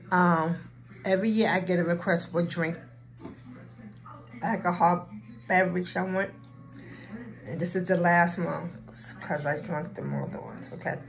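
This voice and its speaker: Slow-talking woman vlogger, low voice. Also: low-quality recording. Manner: slow and heartfelt, with filler ums. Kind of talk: casual chat.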